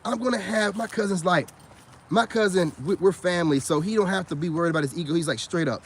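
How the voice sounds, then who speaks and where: A man vlogger rants in a combative, repetitive monologue, his voice sitting somewhat high for a man. There is a faint hiss of background noise under his voice. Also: fast talker. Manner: combative, repetitive, punctuated by "you know what I'm saying". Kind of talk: ranting vlog monologue.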